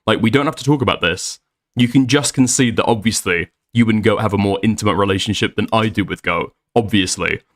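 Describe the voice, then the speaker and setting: A man's voice: lowish voice, a little fast. A man, rambling and swearing as he recaps an online argument in a casual voice chat. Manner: rambling, frequent restarts and swearing. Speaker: streamer recapping a debate.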